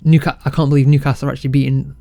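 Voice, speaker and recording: A man casually commentating his football management game, excitable and self-mocking. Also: mid-range voice, rapid-fire, gravelly, no room sound. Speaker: game let's-play creator.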